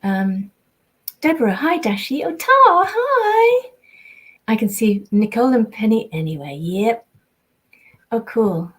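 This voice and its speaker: A woman's voice: medium pitch, animated, measured pace, long pauses, a little mellow. An older woman, born in the US and raised in England, chatting casually on a livestream as she reads fan messages and signs prints. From born in the US, raised in England from age seven. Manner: chatty and rambling, full of ums and restarts. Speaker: voice actress signing prints for fans.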